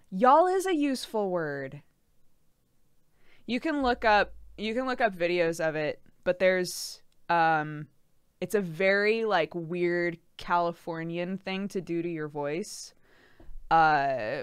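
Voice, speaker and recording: Giggly, animated woman streamer. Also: fairly low pitch, slow pace, smooth, dry recording, studio quality. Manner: giggly, animated, says "like" a lot. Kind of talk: casual chat reading stream chat.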